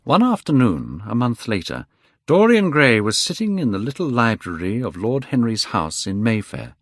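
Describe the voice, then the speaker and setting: A man narrating an audiobook for English learners, slow and clear. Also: medium pitch, huge pitch swings, dry recording, studio quality.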